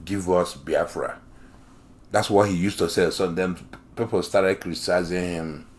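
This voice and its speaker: A man's voice: low voice, fairly even intonation, moderate pace. A man reading an article aloud and commenting on it. He talks in an emphatic, repetitive and sarcastic way.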